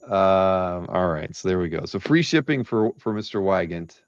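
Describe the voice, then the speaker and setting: A man's voice: sits low, expressive, moderate pace, clear, resonant tone, dry recording, highs cut off. A man hosting a live art-sale stream, chatting casually and rambling with many restarts.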